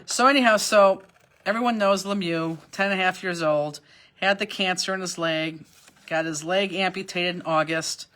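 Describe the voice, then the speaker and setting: A woman's voice: on the low side, moderate pace, a bit bright. A middle-aged woman teaches a live craft class from her workspace. She drifts into a long, heartfelt story, circling back with fillers and restarts as she goes. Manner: rambling, chatty, emotional, with frequent fillers and restarts. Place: warehouse workspace.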